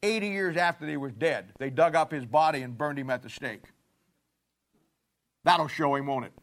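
A man preaching a sermon from the pulpit in a high, light voice. He tells his stories in a folksy, emphatic way and keeps throwing rhetorical questions at the congregation. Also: moderate pace, fairly bright tone. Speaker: pastor.

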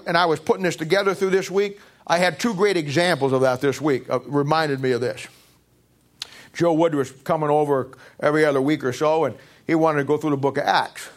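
A man delivers a sermon in a slightly higher-than-usual voice. He preaches emphatically, hammering points home with repeated lines and rhetorical questions. He often stumbles and restarts mid-sentence. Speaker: pastor.

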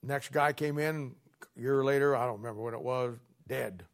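A man's voice: medium pitch, moderate pace. A man preaching a sermon, telling a story with a sarcastic, folksy humor and reading scripture aloud.

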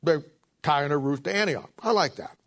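A man gives a sermon from the pulpit in a slightly raised voice. He slows and swells to read scripture aloud, then drops into chatty asides, clearing his throat as he goes. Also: on the high side, fairly bright tone. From Ohio, United States. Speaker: pastor.

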